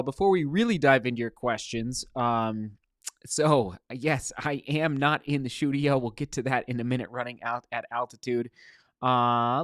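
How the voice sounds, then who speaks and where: Middle-aged man, live-stream host, upbeat and chatty, mid-pitched voice, dry close sound. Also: smooth, dry recording. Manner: upbeat, greets viewers by name. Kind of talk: casual live-stream chat. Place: motel room.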